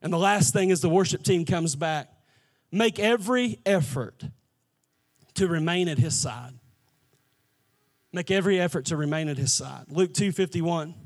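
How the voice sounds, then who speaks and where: A man's voice: on the high side, moderate pace, pauses often. A man preaching a sermon as pastor, building to impassioned, repetitive cadences.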